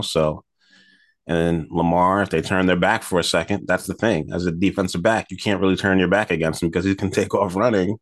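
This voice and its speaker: Deep-voiced man breaking down football picks. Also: no echo, clean studio sound. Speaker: sports betting podcast co-host. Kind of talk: casual sports talk.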